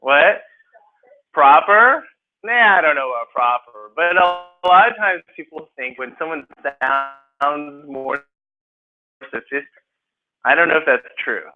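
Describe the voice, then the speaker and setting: Animated male tutor on a tinny line. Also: a little high, measured pace, faint music behind. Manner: animated, questions students, acts out examples. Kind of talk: classroom teaching. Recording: phone-like narrow audio.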